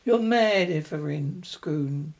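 Male narrator plays a frightened man of science, stammering and high-pitched. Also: lively intonation, drawn-out words, a little mellow, full character voice. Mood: alarmed. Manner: nervous, stammering. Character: alarmed male scholar of science, nervous.

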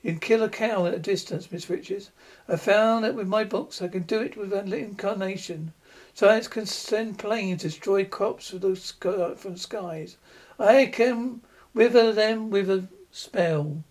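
A man voicing a crazed male warlock who speaks in a shrill, frantic, boastful way. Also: a little slow, darkish tone. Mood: raving.

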